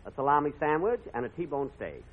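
A man's voice: fairly high pitch, sing-song, a little fast. A man hosting a 1940s radio comedy, fussy and easily flustered. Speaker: comedian host. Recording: tinny, hissy old radio broadcast.

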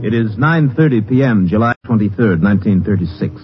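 Terse 1950s radio drama narrator. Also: male voice, on the low side, expressive, a little fast, dull audio. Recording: old radio broadcast over music.

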